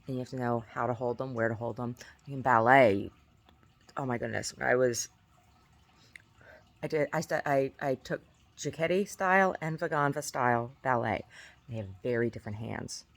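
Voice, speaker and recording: A woman's voice: rumbling low, moderate pace, no room sound. A woman vlogger chatting casually, giggly, rambling and effusive, often breaking into laughter. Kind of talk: casual chat.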